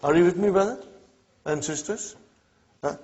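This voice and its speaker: A man's voice: high-pitched, normal speed, darkish tone, slightly rough. A man teaching an Arabic class, quizzing students with short "huh?" prompts and explaining each example. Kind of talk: classroom lesson. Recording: dull lo-fi classroom recording.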